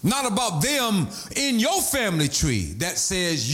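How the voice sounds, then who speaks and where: A man preaching a sermon, animated, breaking into shouts and sing-song emphasis. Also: sits high, a little slow.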